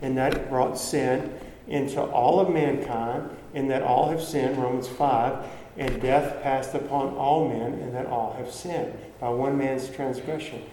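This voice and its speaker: Unhurried and steady in tone, a man with a warm, mellow, mid-pitched voice preaches an earnest, conversational sermon with hardly any pauses. Long reverb fills the big, echoey room, along with faint ambience and slight background noise.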